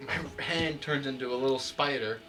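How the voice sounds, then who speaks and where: A man playing a tabletop game, joking in a deadpan way. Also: medium pitch, moderate pace. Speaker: player. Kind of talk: casual tabletop play.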